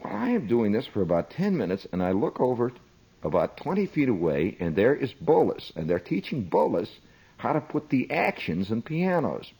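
Husky animated male storyteller. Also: mid-range voice, moderate pace, rough recording. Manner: animated, chatty, asides to listener. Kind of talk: comic storytelling monologue.

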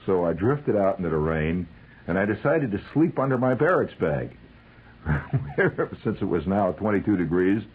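A man telling a comic, wry story about army life, acting out the shouted calls. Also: sits low, big pitch swings, normal speed, husky, low-quality recording.

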